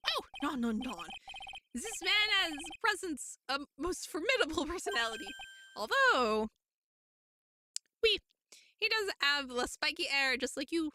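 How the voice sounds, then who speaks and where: A woman's voice: sits high, very animated, unhurried, long pauses, pushed and bright, a little hiss or hum, exaggerated voice. A woman voicing a fretful man in debt, a French chef, with an exaggerated fake French accent and a theatrical, self-pitying manner. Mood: fearful. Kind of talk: reading game dialogue aloud.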